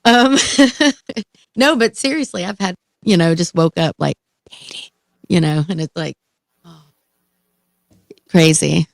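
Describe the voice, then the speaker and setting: A woman in a casual live stream chat, speaking in a halting way with lots of fillers as she recounts her experiences. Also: on the low side, creaky, no echo. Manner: halting, filler-heavy, breathless storytelling.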